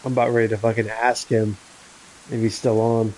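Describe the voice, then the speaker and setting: A man's voice: on the low side, level tone, brisk, darkish tone, slight background noise, poor audio. A young man chatting casually with a friend while gaming, rambling with many fillers, laughing and swearing. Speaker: gamer. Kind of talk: casual chat over voice chat.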